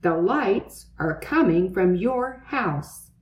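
A woman's voice: mid-range voice, expressive, takes it slowly, reverberant. A woman voicing a brainy, matter-of-fact boy who talks precisely, in a read-aloud storybook. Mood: dry. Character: brainy know-it-all boy.

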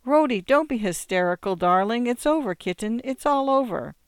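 A reader voicing a gentle, crooning middle-aged mother in an audiobook. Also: mid-range voice, animated, moderate pace, smooth, no echo, studio quality, voice pushed up, natural voice. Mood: soothing.

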